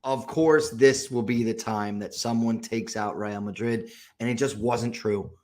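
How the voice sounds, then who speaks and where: A man co-hosting a football podcast, talking casually and breaking down matches in a measured, agreeable way. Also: mid-range voice, steady tone, darkish tone. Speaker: podcast co-host.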